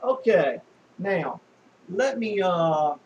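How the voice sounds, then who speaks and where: Animated and high-voiced, a male shorthand teacher patiently leads a slow demonstration lesson, often spelling out words one letter at a time and pausing or restarting often. The sound is lo-fi with a little hiss or hum.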